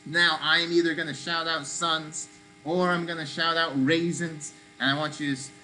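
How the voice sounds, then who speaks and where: A woman leading children in a playful call-and-response movement game, coaxing them to shout along. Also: low voice, level tone, normal speed, poor audio. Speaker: children's activity leader. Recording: faint mains hum.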